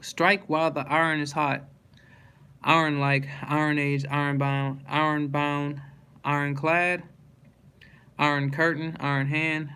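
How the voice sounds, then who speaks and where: A man's voice: on the high side, pushed and bright, smooth. A man reading a dictionary word list aloud, one word at a time, with small stumbles and restarts.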